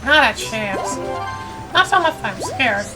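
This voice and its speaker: A woman voicing an earnest, gentle young male hero, speaking softly and politely over game music. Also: fairly high pitch, very animated, measured pace. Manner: soft, polite, a bit hesitant.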